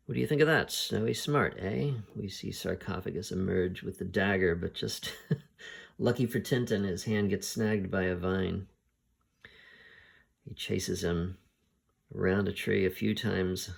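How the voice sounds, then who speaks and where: A man with a low, gravelly voice talks through a story at an easy, unhurried pace. He pauses often as he thinks aloud, and his tone stays husky throughout. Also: flat delivery. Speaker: podcast host reviewing comics. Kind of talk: casual spoken retelling of a story.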